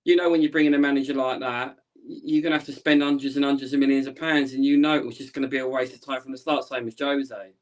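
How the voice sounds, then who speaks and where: Man, casual chat, weary, flat opinions, quick talker. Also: medium pitch. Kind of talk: casual live stream chat.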